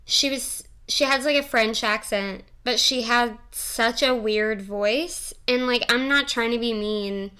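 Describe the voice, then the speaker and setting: A young woman rambles through a casual solo podcast, giggly and freely swearing. Her voice is bright and crisp, sitting a little high for a woman. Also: slow pace, hardly any pauses. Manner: rambling, giggly, profane and playful. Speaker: podcast host.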